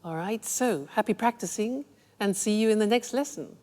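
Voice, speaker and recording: A woman teaching English phrases in a clear, measured, explanatory way. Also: mid-range voice, mellow, big-room sound. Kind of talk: scripted language lesson.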